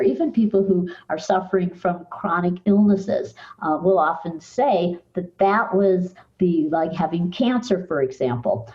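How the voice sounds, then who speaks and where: An older woman psychologist, a podcast guest, calmly guiding listeners through mind-body exercises. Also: fairly low pitch, muffled recording. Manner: calm, measured, guides listener through exercises. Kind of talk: podcast interview, explaining techniques.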